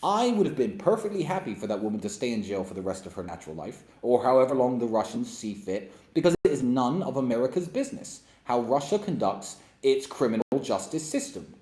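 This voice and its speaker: Male host, blunt and sarcastic monologue, lively swinging pitch, roomy echo. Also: fairly quick, few pauses. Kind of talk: opinionated monologue and Q&A.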